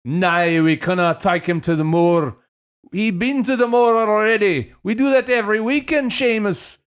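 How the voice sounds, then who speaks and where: A man's voice: moderate pace, clear, resonant tone, close to an everyday voice. A man voicing a blustery Scottish father planning a family outing, with an exaggerated, wobbly brogue that drifts toward other accents. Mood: hearty. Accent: put-on wobbly Scottish. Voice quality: high exaggerated brogue, swearing.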